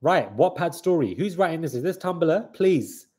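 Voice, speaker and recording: A young man with a husky, somewhat high voice chats excitedly to his live stream audience. He hypes things up and keeps calling out to the viewers. His nose sounds a little stuffy. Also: moderate pace. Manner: excitable hype talk, keeps saying "guys". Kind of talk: live reaction commentary.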